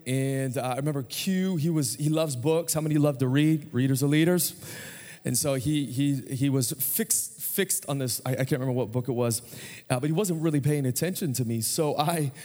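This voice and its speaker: Male pastor, 30s, American, chatty anecdotal sermon delivery, mid pitch, long church reverb. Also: darkish tone. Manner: conversational, storytelling preacher who asks the crowd questions. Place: church sanctuary.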